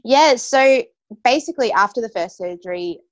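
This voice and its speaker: A woman's voice: on the high side, expressive, moderate pace, dry recording, muffled recording. A young adult woman telling a personal story as an interview guest, casual and full of "like" and "you know". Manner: casual, heavy use of "like" and "you know" fillers.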